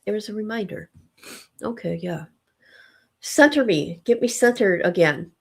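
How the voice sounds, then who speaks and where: A woman's voice: medium pitch, lively intonation, unhurried, gravelly, breathy edge. Older grandma type rambling on her stream, kinda sleepy, easygoing chat. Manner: rambling, chatty, self-deprecating. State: sleepy, yawning. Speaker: livestream host. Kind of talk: casual chat.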